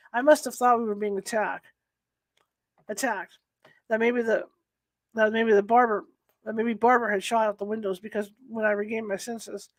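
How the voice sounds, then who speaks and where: A woman's voice: a little high, no room sound. Woman reading a novel aloud. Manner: unpolished, restarts and corrects herself. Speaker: audiobook reader. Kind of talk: first-person novel reading.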